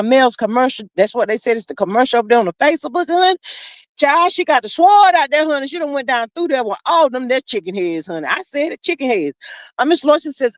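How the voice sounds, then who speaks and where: A woman's voice: high voice, fairly bright tone, dry recording. A woman hosting a live stream, chatting casually and reading out comments in a sassy, folksy way, calling listeners child and honey. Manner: drawn-out fillers, laughs often.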